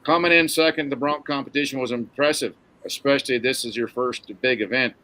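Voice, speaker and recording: A man reading a story, voicing a soft-spoken, quietly dangerous Irish man with a genial, coaxing manner. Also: mid-range voice, fairly quick, natural voice. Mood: smooth.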